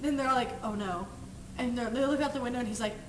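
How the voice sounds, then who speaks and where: A woman's voice: high-pitched, steady tone, rapid-fire, recorded from a distance. A young woman casually retelling a movie scene to friends, rambling with lots of "like" and frequent giggles. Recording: echoey room with noise.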